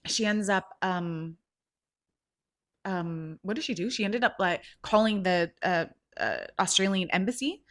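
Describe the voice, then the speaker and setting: A woman hosting a podcast, retelling a story in a casual, animated way with lots of "like" fillers. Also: mid-range voice, unhurried. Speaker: podcast host.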